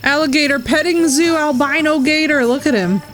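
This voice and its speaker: A woman streaming a game, her voice sitting a touch high. She gushes and exclaims as she plays, with soft game music under her. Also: normal speed. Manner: effusive, exclaiming, gushing. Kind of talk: live gameplay commentary. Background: faint game music.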